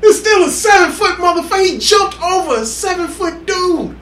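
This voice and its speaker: A man on a podcast, telling excited sports stories in casual chat, acting out quotes and laughing loudly. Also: extremely high pitch, moderate pace. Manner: excitable storytelling, loud laughs and acted quotes. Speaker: podcast co-host. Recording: echoey room with faint hiss.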